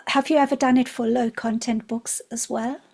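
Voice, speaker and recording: Brief: female podcast co-host from the UK, husky, fairly high, chatty and keen. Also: steady tone, moderate pace, a little mellow. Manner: chatty, enthusiastic. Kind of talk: casual podcast chat.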